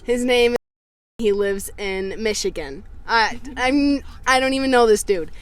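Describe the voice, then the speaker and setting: A young woman telling a story on a casual podcast, animated and swearing a lot, recorded inside a car. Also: a little high, unhurried, smooth.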